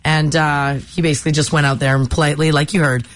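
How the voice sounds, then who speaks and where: A woman's voice: low voice, steady tone, quick pace. A woman co-hosting a radio show in a chatty, upbeat manner. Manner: chatty, upbeat, laughs easily. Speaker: radio co-host. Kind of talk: casual radio chat.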